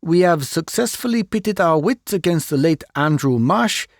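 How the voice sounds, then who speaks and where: A man voicing a fussy, vain, excitable middle-aged Belgian detective who drops French phrases, in an audiobook reading. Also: on the high side, normal speed, dry recording, studio quality, voice pushed up.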